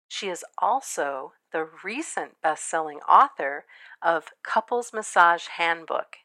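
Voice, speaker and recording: A woman hosting a podcast, reading a measured, reverent introduction of her guest. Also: on the low side, pushed and bright. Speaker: podcast host.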